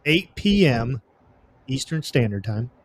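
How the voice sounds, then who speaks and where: A man's voice: mid-range voice, sing-song, takes it slowly, breathy edge. A man hosting a casual sports podcast, talking in an easygoing way with lots of fillers and plugging the next episode. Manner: easygoing, many fillers, promotes upcoming show. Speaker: podcast host.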